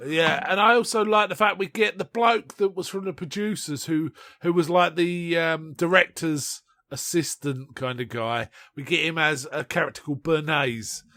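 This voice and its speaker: Chatty man, lively film chat. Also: fairly high pitch, normal speed, hardly any pauses, dry recording. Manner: animated retelling, quoting film lines in put-on voices, laughing often. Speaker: podcast co-host. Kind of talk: casual film review chat.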